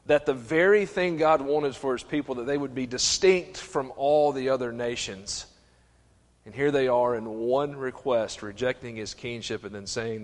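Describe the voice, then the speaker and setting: A middle-aged man preaching a sermon, animated, stumbling and restarting, acting out voices. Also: medium pitch, moderate pace. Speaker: pastor. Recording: long reverb of a church hall.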